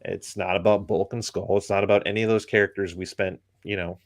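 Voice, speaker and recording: A man's voice: low voice, little pitch movement, fast, no echo, clean studio sound. A man in casual chat, giving an opinionated critique full of ums and likes. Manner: rambling, many ums and likes.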